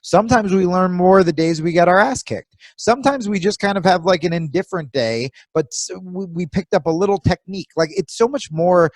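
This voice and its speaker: A man's voice: sits high, expressive, fairly quick, few pauses, dry recording. A man co-hosting a podcast in casual chat, giving blunt, profane coaching advice. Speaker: podcast co-host.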